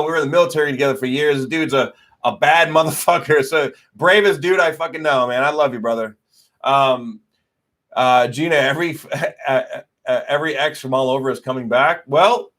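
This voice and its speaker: On a laid-back astrology livestream, a man with a fairly high, slightly bright voice chats loosely, swearing a lot and packing in fillers. He responds to viewer comments as they come in.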